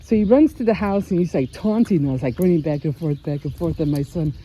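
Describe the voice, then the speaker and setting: An older woman chats casually on her home vlog, rambling through a story with lots of laughs and little restarts. Her voice sits low and mellow, with a soft husky edge. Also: brisk. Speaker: vlogger. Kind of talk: casual chat.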